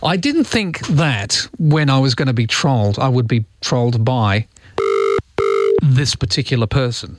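A man's voice: medium pitch, expressive, a little slow. A man hosting a radio show, chatting casually and poking fun at himself. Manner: self-mocking, joking. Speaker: radio host. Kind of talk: casual on-air chat. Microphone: studio microphone.

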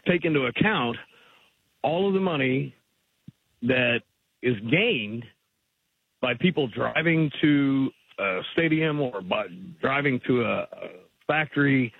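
A man with a gravelly, raspy voice calls into a radio show over a tinny phone line. He talks in an argumentative way, pressing the host on his points. His audio is dry and narrow. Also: mid-range voice, dry recording. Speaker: caller. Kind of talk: call-in radio conversation.

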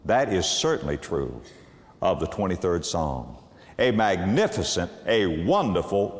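A man preaching a sermon, slow and emphatic, with long dramatic pauses on key words. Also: medium pitch, big-room sound.

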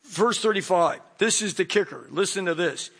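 A man's voice: high-pitched, normal speed, vocal fry, slightly rough. A middle-aged man preaching a sermon as pastor, talking in a loose conversational way and acting out little stories. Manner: conversational, animated storytelling with acted voices.

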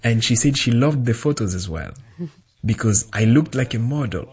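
A man giving a translated first-person voice-over in a calm storytelling manner. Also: mid-range voice, moderate pace. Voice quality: husky. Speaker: voice-over interpreter.

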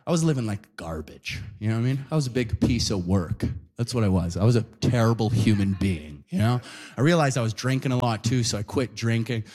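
A young adult man doing a stand-up comedy set to a live audience, animated, tagging his lines with "right?" and "you know?". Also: medium pitch.

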